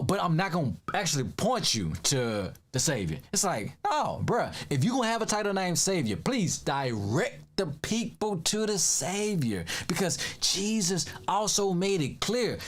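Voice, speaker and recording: A man's voice: high-pitched, very animated, moderate pace. A man giving casual reaction commentary, emphatic and slangy, laughing often.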